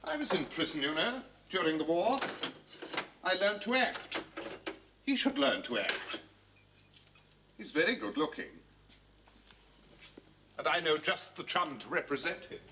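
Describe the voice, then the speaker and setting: A man's voice: on the high side, big pitch swings, a little slow, pauses often, distant mic, background noise. An actor playing an eccentric, chatty older man who was once in prison. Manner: chatty and rambling.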